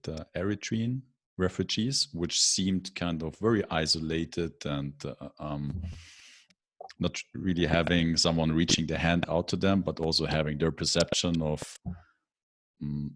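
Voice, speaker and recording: Deep-voiced hesitant male host. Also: a little slow. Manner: hesitant, many filler words. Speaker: podcast host. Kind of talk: casual interview conversation.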